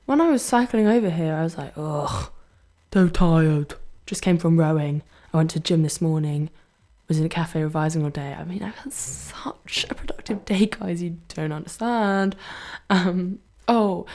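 A young woman from Brighton with a Brighton English accent, a student radio DJ chatting casually between songs, self-deprecating and laughing often. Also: deep voice. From Brighton, England. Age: young adult.

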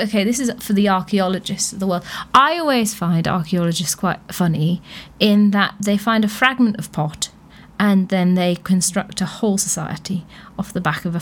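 A British woman hosting a radio show, chatting casually about science news with amused asides and lots of fillers. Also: medium pitch. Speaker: radio host.

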